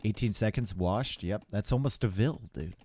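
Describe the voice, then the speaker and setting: A man casting a live strategy game tournament, chatty and relaxed, chatting with viewers between plays from a home stream setup. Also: on the low side, normal speed. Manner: casual, chatty, talks to chat between plays. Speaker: tournament caster. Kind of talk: live esports commentary.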